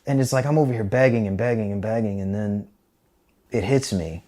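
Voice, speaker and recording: A man in his twenties, a podcast guest telling a personal story in a candid, profane, animated way. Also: fairly low pitch, fairly quick. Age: 20s.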